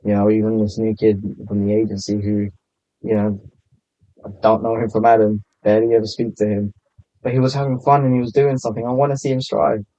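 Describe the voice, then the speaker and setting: A man talks in an easy, unhurried way, his low and mellow voice giving the chat a relaxed feel. The recording is dry and a little muffled. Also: dry recording. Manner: laid back, low-key. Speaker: podcast guest, content creator. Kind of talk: casual podcast chat. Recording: slightly muffled lo-fi sound.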